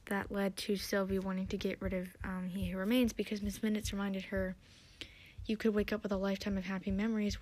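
A young woman hosting a podcast, recapping and theorizing in a chatty, excitable way with lots of fillers. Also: mid-range voice. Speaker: podcast host.

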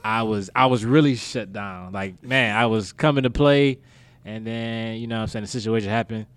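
A man's voice: on the low side, normal speed, clean tone, no echo. A man trading brash, joking banter in casual podcast chat. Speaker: podcast co-host.

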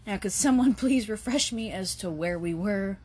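A woman's voice: mid-range voice, moderate pace, darkish tone, slight background noise. A woman podcast host retelling a story in a casual, slangy way, full of "like" and swearing. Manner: slangy, swears, many "like" fillers.

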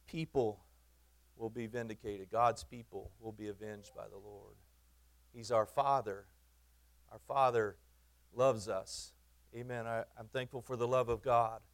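Male pastor preaching conversationally. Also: mid-range voice. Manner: conversational, emphatic, repeats and restarts phrases; teasing asides to the congregation. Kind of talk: sermon.

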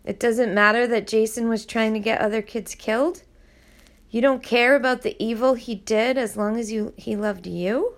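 Woman reading as a world-weary calm man. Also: on the high side, normal speed, lightly acted. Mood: measured.

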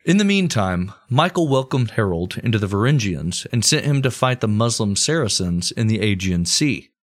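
A man's voice: fairly low pitch, very animated, moderate pace. A man hosting a comedy history podcast, telling the story casually with crude jokes and plenty of swearing. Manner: crude, joking, swears freely.

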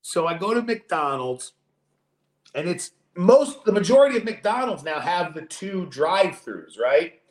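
A man co-hosting a podcast, telling a story in casual chat with a lively, profane manner. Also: high voice, a little slow, roomy sound. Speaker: podcast co-host.

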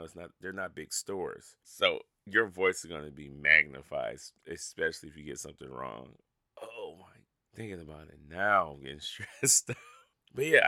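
A man with a very low, gravelly voice talks through a casual solo podcast. His tone is bright and forceful, and he keeps laughing at himself. The sound is close and dry. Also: dry recording. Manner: rambling, self-mocking, laughs at his own stories. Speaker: podcast host.

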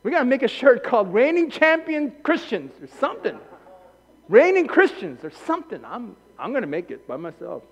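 A man preaching a sermon, moving from quiet storytelling to shouted passion. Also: very high voice, big pitch swings, fairly quick. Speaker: pastor. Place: church hall. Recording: dull, long-echo church sanctuary.

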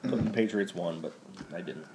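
A man's voice: deep voice, brisk, darkish tone, a little hiss or hum. A man co-hosting a sports podcast, chatting casually in a laid-back way. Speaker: podcast co-host.

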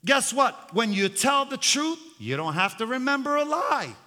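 A man's voice: extremely high pitch, big pitch swings, moderate pace, sharp tone. An older man preaching a fiery sermon as pastor, with hallelujah refrains, in a church sanctuary. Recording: long hall reverb.

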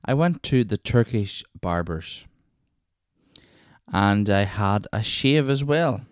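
A man's voice: lowish voice, expressive, takes it slowly, pauses often, clear, resonant tone, no room sound, clean studio sound. A Northern Irish man hosting his own podcast, telling stories in a chatty, rambling way that doubles back on itself. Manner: rambling, chatty, self-interrupting with wee asides. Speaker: podcast host. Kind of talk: casual solo storytelling.

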